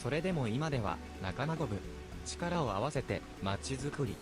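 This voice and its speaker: A chirpy little goblin townsman, voiced by a man in a Japanese game, firing off short clipped phrases at a breakneck pace. Game music plays clearly underneath. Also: medium pitch, lively intonation, fast, close to an everyday voice. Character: goggled male goblin townsman, cheerful, simple-spoken. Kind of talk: Japanese video game dub.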